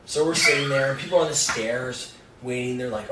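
A man's voice: mid-range voice, brisk. A young man telling a rambling, profane story about a gig in a casual chat. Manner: rambling, swearing, laughing storyteller. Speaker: guest songwriter. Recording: roomy, distant mic with faint noise.

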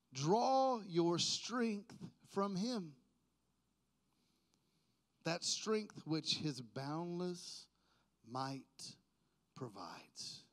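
A man preaching a sermon, swinging from quiet talk to loud, drawn-out proclaiming, with playful jokes to the congregation. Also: high-pitched.

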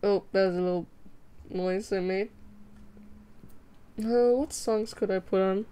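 An Australian woman livestreams from home, drawing while she chats and giggles with her viewers, faint music in the background. Through a desk mic her mid-range voice sounds warm, clear, and resonant, with a measured pace and fairly even intonation.

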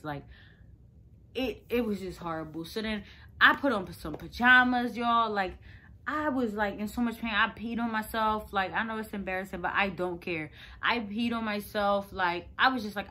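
A woman's voice: mid-range voice, pushed and bright. A young woman telling a personal story to her viewers in a chatty, rambling way. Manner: chatty, rambling, lots of "like" fillers. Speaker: vlogger. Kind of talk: casual storytelling to camera.

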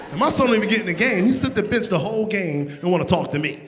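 A middle-aged man performs stand-up comedy on a stage. His voice sits high and leaps around wildly as he rants in exasperation. The live mic picks up clear audience noise behind him. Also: big pitch swings, fast, hardly any pauses, a loud crowd. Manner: profane, exasperated storytelling with loud outbursts.

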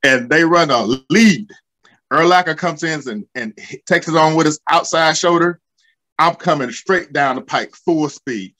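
Animated man telling football stories. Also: a little high, measured pace. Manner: animated, swearing, slangy storyteller. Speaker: guest, former football linebacker. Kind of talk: casual storytelling.

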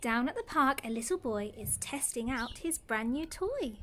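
A woman, a nursery teacher, reading a picture book aloud to young children in an animated way, full of gasps. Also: fairly high pitch, moderate pace, a little hiss or hum. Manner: animated, gasping, exaggerated storyteller.

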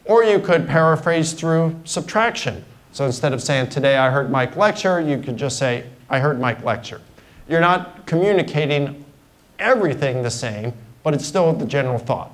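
With lively intonation and a moderate pace, a middle-aged man lectures as a university guest in a lecture hall. His voice runs on the high side, his style is conversational with simple examples, and the recording sounds rough.

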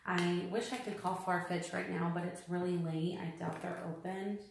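A woman's voice: lowish voice, steady tone, normal speed, creaky, slight background noise. A woman vlogger unboxing a purchase, upset and exasperated, repeating herself with many fillers. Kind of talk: unboxing vlog complaint. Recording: echoey room.

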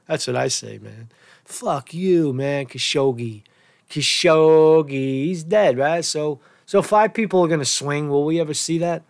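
A man's voice: fairly high pitch, moderate pace, creaky, darkish tone, dry recording, clean studio sound. A man hosting his own news commentary show, reading reports aloud and breaking off into angry, swearing, sarcastic rants. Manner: reads news aloud then rants about it. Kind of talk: casual profane news rant.

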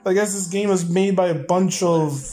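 A young man giving loud, profane, rowdy commentary while playing a game. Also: high-pitched, steady tone, moderate pace, soft background music. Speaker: gameplay commentator. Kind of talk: crude gameplay commentary.

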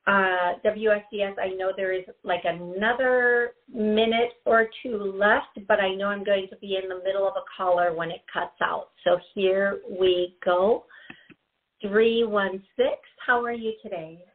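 On a call-in radio show, a woman plays psychic host, speaking at a measured pace in a medium-pitched, even tone. Chatty and giggly, she keeps circling back to the same warnings as she advises the caller, all through thin, phone-quality sound.

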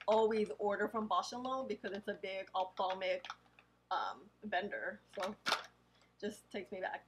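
A woman beauty vlogger talking casually, reading product names aloud slowly and adding chatty asides. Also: medium pitch, fairly bright tone, a little hiss or hum, low-quality recording. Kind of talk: casual haul unboxing.

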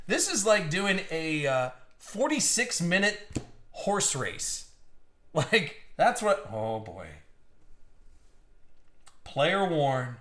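A man hosting a live card-opening stream, excitable and swinging from hype to hushed suspense. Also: on the high side, slow, pauses often, reverberant, a little hiss or hum. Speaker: card break host.

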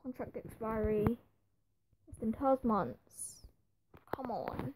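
Woman narrating her football game, high voice, slow drawl, grumbling a lot, bit of hiss behind. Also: steady tone. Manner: exasperated running commentary, muttering to self. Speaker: gaming video creator. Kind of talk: gameplay commentary.

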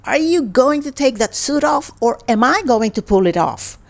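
A woman's voice: high-pitched, animated, normal speed, voice pushed up. A woman voicing a stubborn, matter-of-fact man who runs a lost property office in a children's story. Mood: scolding.

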